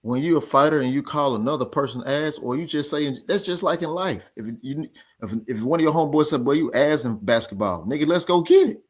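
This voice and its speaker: A man's voice: fairly high pitch, fairly quick. A man hosting a boxing talk show, ranting in a heated, casual way and repeating his points with emphasis. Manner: animated, repetitive, argumentative.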